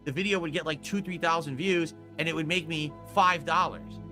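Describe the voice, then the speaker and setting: A man's voice: fairly high pitch, fairly even intonation, fairly quick, sharp tone, soft background music. A man streaming, scolding a viewer in a profane, emphatic rant.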